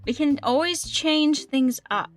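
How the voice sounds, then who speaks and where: A woman's voice: high-pitched, unhurried, soft background music. A woman gaming streamer chatting casually with her livestream, reading chat aloud and often repeating herself.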